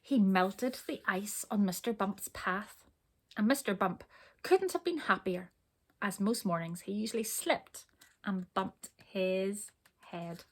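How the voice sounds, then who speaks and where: With expressive delivery at a medium pitch, a woman reads from a children's storybook and breaks off at points to ask her audience questions.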